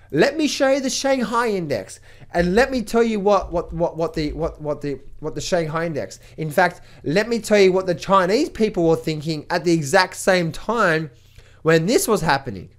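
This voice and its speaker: A man, a trading coach, giving market commentary to camera in an emphatic way, often repeating words when excited. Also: sits high, moderate pace.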